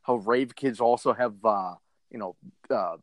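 A man co-hosting a comedy podcast, riffing on a news story in a lively, profane way. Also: mid-range voice, measured pace, no room sound. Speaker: podcast co-host. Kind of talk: casual comedic chat.

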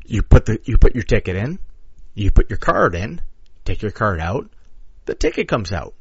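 A man hosts a casual podcast and tells a story with lots of cursing. His voice is a little husky and rises and falls a lot as he acts out what people said. The audio is dry and a bit dull. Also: on the low side, normal speed, dry recording. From Chicago area. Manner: animated, crude storytelling with profanity and acted-out quotes. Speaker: podcast co-host.

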